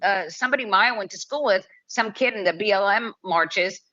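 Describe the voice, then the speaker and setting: A woman's voice: medium pitch, moderate pace, bright, forceful tone. A woman from San Antonio co-hosting a political podcast, worried and blunt, swearing freely. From San Antonio, Texas. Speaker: podcast co-host. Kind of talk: casual political chat. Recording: slightly dull, lo-fi sound.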